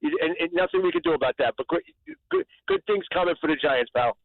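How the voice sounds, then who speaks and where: A man calling in to a sports radio show, rambling and animated, repeating himself as he talks. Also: on the high side, fast, no echo. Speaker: caller. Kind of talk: excited call-in chat. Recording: tinny phone line.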